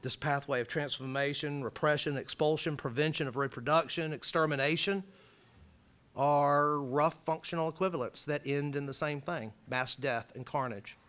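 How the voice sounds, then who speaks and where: A man from Alabama giving an impassioned college lecture, rising loud and high when he reads out quotes. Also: steady tone, moderate pace. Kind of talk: public lecture.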